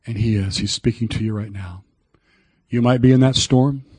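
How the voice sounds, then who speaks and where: A man's voice: mid-range voice, normal speed, a little mellow, breathy edge, dry recording. An older man, a pastor, preaching a folksy, emphatic sermon and breaking into old hymns.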